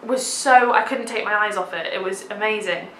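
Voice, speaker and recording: A woman's voice: medium pitch, normal speed, a bit bright, echoey room, slight background noise, poor audio. A young woman vlogging a theatre review, gushing with enthusiasm and dropping lots of "like"s. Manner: gushing, enthusiastic, many filler "like"s. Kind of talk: casual theatre review vlog.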